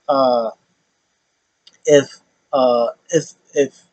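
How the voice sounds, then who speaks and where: A man's voice: fairly high pitch, sing-song, measured pace, long pauses, dry recording. A man casually recapping wrestling, rambling with many fillers and acting out quotes in put-on voices.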